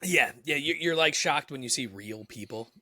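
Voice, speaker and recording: A man co-hosting a podcast, telling stories in an animated way, swearing and laughing often. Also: a little high, moderate pace, no echo, studio quality. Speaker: podcast co-host. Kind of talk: casual chat.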